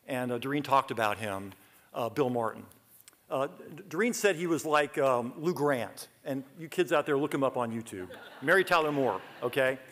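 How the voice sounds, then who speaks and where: A middle-aged man from Georgia, giving a humorous acceptance speech full of lively asides. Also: mid-range voice, moderate pace. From Athens, Georgia, US. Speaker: award honoree giving a speech.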